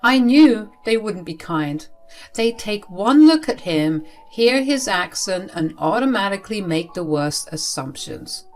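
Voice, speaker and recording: A woman's voice: mid-range voice, big pitch swings, measured pace, soft background music. A young woman narrating a first-person story in an emotive, heartfelt way.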